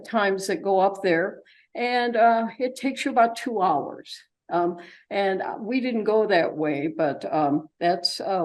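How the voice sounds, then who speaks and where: A woman's voice: medium pitch, a little mellow, rough recording. An older woman presenting a travelogue to a group in a chatty, rambling way, with many fillers and asides. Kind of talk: informal slide presentation to a group.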